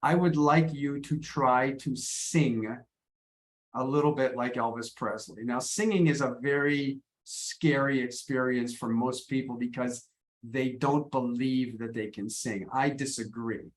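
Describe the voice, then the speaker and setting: A man's voice: mid-range voice, unhurried. A man teaching English in an online video class, encouraging and often repeating his words as he coaches students. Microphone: video call.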